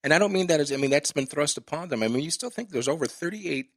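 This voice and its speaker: A man's voice: a little high, expressive, fast talker, a bit bright, no echo. A man hosting a podcast, ranting with passion and swearing in a casual interview chat. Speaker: podcast host.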